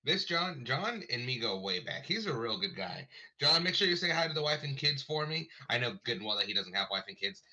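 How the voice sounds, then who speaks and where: A man playing in a tabletop game, speaking in character in a smooth, teasing way. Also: medium pitch, big pitch swings, brisk, few pauses, pushed and bright. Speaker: player.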